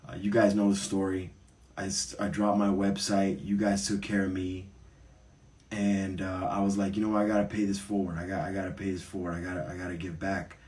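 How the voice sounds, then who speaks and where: A man hosting with a low, grounded voice and plain earnestness, leaning on repetition to drive each point home. He sounds a little distant, picked up from away from the microphone. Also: little pitch movement, a little fast, a little mellow. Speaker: host. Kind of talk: casual heartfelt monologue.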